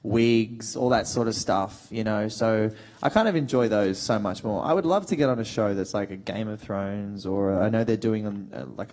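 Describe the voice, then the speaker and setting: A man in his thirties, a guest actor on a convention panel, telling animated stories and acting out quotes with a laugh. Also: lowish voice. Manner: animated storyteller, acts out quotes, laughs often. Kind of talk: casual panel Q&A, anecdotes.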